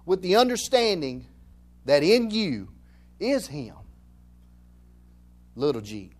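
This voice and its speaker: High-voiced Southern pastor preaching folksy. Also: male voice, very animated, slow. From Alabama, US. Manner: folksy, joking, repeats phrases for emphasis. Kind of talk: conversational sermon.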